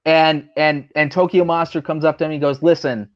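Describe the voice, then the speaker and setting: He's a pro wrestler guesting on a talk show, and his story is rambling, profane and full of fillers, with the people he quotes acted out, much like storytelling over drinks. The man's voice is on the high side, steady in tone and a little fast, with the highs cut off.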